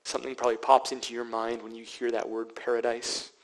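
A male pastor preaching a sermon, dropping to hushed whispers and then building to loud, emphatic passages. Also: medium pitch, monotone, fairly quick, poor audio.

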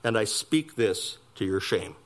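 A man's voice: animated, unhurried. A man preaching a sermon, emphatic with wry asides. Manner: emphatic preaching with wide swings of pitch and pace, wry asides. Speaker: pastor.

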